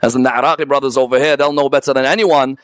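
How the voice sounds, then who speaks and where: A man's voice: mid-range voice, steady tone, smooth, no room sound. A man giving a religious history lecture to a live audience, often asking rhetorical questions and checking in with "yes?" and "correct or no?". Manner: lists items one by one in a slow, emphatic way.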